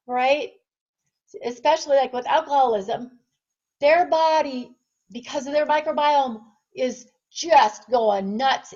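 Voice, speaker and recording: A woman who works as a fitness trainer and nutrition coach delivers a passionate motivational talk straight to camera, firing rhetorical questions at her listeners. Her voice is high and slow with a darkish tone, and the recording sounds lo-fi.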